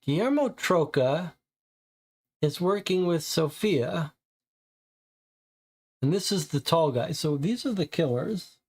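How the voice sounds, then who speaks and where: A man with a fairly high voice thinking aloud over a detective board game. He reads case text and then reasons through suspects in quick, searching bursts. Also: lively intonation, a little mellow, breathy edge. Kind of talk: thinking aloud while reading game cards.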